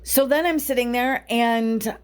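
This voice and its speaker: A woman's voice: a little high, unhurried, smooth. A woman hosting a spiritual podcast, telling a personal story in a chatty way and often adding tag questions. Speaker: podcast host. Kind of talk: casual spiritual podcast monologue.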